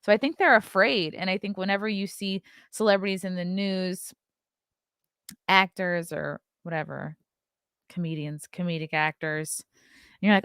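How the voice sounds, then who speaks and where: A woman hosts a casual live stream, blunt and freely profane as she talks through the chat. Her voice sits low and comes across smooth and clear. The close mic gives a dry, roomless sound. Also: normal speed, fairly bright tone, no room sound. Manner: blunt, profane, chatty, laughs often. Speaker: podcast host reading live chat.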